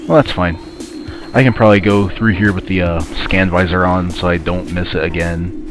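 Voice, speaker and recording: A man's voice: low-pitched, fairly even intonation, normal speed, over music. A man with a stuffy, sinus-congested voice, casually commenting while playing a video game, rambling and grumbling at the game. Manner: rambling, muttering asides to the game. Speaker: let's play commentator.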